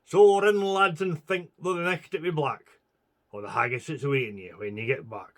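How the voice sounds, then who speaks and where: A man's voice: mid-range voice, animated, brisk, bright, forceful tone. Guy doing a wee crafty scots soldier, chummy, plotting in thick dialect. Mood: scheming. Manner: broad Scots dialect, confiding.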